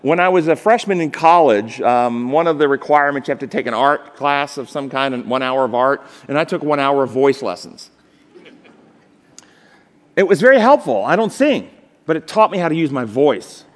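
A man's voice: mid-range voice, animated, moderate pace. Man lecturing in a reverberant hall. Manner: emphatic, asks the audience rhetorical questions. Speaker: seminar instructor. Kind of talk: live seminar lecture on public speaking. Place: large seminar hall.

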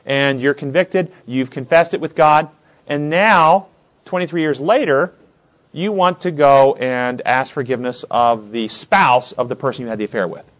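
A man's voice: medium pitch, moderate pace. A man teaching a Bible study class, asking many questions and acting out the scenes he describes. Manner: questioning, animated, acts out scenes.

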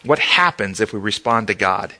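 A man's voice: on the low side, moderate pace, slight background noise. A man teaching an interactive Bible study, asking the class questions and answering them himself. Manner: animated, asks the class questions.

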